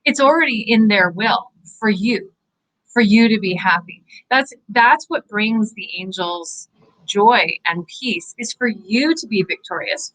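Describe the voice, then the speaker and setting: A Canadian woman, a psychic medium, giving an earnest, encouraging inspirational talk to viewers, animated and full of fillers. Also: on the high side, poor audio. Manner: animated, gestures with her hands. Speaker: psychic medium hosting live angel readings.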